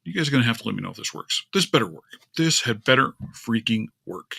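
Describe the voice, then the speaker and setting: A man's voice: mid-range voice, lively intonation, quick pace, gravelly, sharp tone, husky. A man hosting a casual live stream, chatting and grumbling aloud while his screen share fails. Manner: chatty, grumbling at tech trouble, talks to his cat. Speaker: livestream host.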